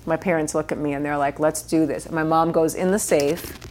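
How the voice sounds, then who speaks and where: A woman's voice: sits low, fairly even intonation, brisk, darkish tone, a little hiss or hum. A middle-aged woman from New York, a guest actress telling stories at home in a casual interview, swearing freely and laughing mid-story.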